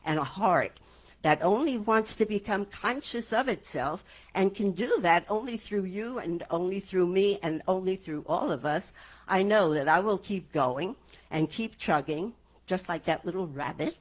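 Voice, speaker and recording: A woman minister speaking to her congregation in a calm, earnest and reflective way. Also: fairly low pitch, a little slow. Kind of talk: reflective sermon talk. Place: church sanctuary before a congregation.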